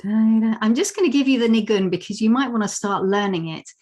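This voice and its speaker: A woman's voice: fairly high pitch, fairly quick, darkish tone. A woman giving an online talk on a video call, explaining songs and singing wordless melodies to teach them. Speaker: presenter of a song talk. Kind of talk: online talk with sung demonstrations.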